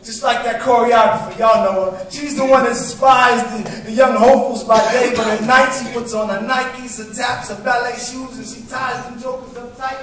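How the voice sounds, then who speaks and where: A man with a high voice delivers spoken word poetry at a live open mic, rhythmic and emphatic in his phrasing. He is heard from some distance through a very echoey room, with faint noise underneath. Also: fairly even intonation, normal speed, few pauses, fairly bright tone. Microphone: stage microphone.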